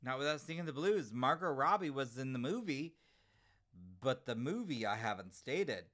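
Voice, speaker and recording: A man chatting on a livestream. His pitch swoops up and down a great deal, and he keeps breaking into giggles as he answers chat comments one after another. He has a middling pitch, casual and unscripted. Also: lively intonation, moderate pace, fairly bright tone. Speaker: livestream host reading chat.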